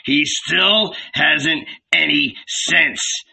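A man's voice: a little high, very slow, creaky, sharp tone, breathy edge, far from the mic, voice pushed up, heavily acted, rough recording. A man voicing Judas, a bitter, scornful red-bearded male zealot who grumbles, in a storybook reading. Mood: grumbling scornful.

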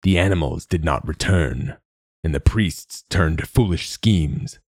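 Man voicing a rasping ancient machine god. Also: deep voice, measured pace, darkish tone, no echo, clean studio sound. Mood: solemn. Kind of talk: audiobook narration.

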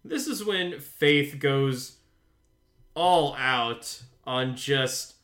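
Blunt, joking man with a bright voice. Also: medium pitch, lively intonation, drawn-out words. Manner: blunt, joking, swears freely. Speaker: podcast co-host. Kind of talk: casual rewatch podcast chat.

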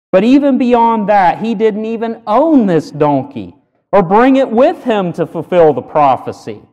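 A man preaching a sermon with earnest emphasis, punching key words loudly between pauses. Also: high voice, long reverb tail. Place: church sanctuary.

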